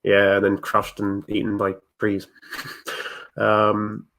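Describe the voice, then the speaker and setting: A man's voice: fairly low pitch, completely flat delivery, slow pace, fairly bright tone. A man chatting casually as a guest, with frequent restarts and chuckles. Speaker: guest Tolkien YouTuber. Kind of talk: casual video-call discussion.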